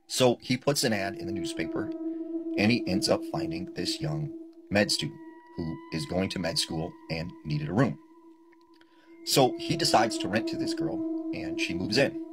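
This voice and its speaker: A man's voice: medium pitch, wildly swooping pitch, normal speed. A man casually telling a creepy story, full of fillers like "you know" and "like.". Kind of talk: spoken scary story telling. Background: music.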